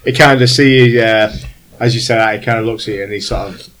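Lowish-voiced man narrating a game. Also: steady tone, a little fast, noisy background. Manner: rambling descriptive narration, many fillers. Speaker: game master.

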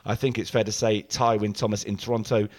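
A man's voice: on the low side, little pitch movement, fairly quick, a little mellow. A man hosting a football podcast, introducing listener emails with dry, wry remarks. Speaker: podcast host. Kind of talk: casual chat, reading listener emails.

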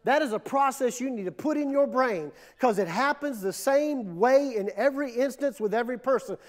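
High-voiced pastor preaching emphatically. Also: male voice, expressive, moderate pace. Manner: emphatic, repetitive preaching with dramatic drops and surges. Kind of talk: sermon.

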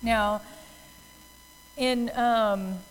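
A woman's voice: a little high, steady tone, extremely slow, long reverb tail, slight background noise, rough recording. Chatty woman telling a Bible story. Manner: chatty storytelling with many fillers, acting out voices. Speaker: Bible teacher. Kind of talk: casual Bible talk.

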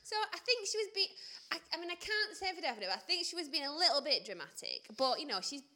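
An English woman co-hosting a podcast, telling a story in casual chat, animated and laughing, acting out what people said. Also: high-pitched, fast. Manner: animated, laughing, acts out quotes. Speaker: podcast co-host.

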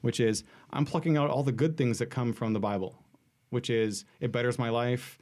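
A man's voice: medium pitch, fairly even intonation, moderate pace, darkish tone. A man in a casual debate who argues against the Bible as a skeptic, insisting with repeated "no, no, no" and "hold on.".

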